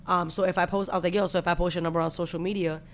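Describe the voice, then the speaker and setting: A woman's voice: on the low side, very fast, a little hiss or hum. A young adult woman, hosting a podcast and telling a story in casual chat full of swearing. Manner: profane, animated storytelling. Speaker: podcast host.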